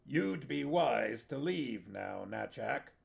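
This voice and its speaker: A man reading aloud, voicing a calm, stern old grandfatherly sorcerer with measured warnings. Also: medium pitch, gravelly.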